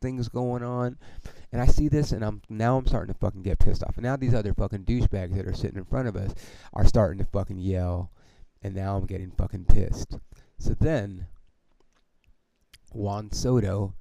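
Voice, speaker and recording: A podcast host tells a story in a casual monologue, heated and animated, swearing heavily and leaning on fillers like "dude" and "okay." His voice is fairly low with vocal fry, at normal speed. The recording is rough, with no room sound.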